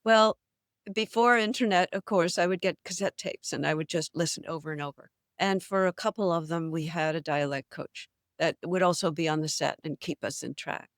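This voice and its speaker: With a fairly low pitch and moderate pace, an older actress chats as an interview guest in an easygoing setting. Her storytelling is animated and full of laughter. The sound is clean and studio-made, free of room noise, and she's in New England.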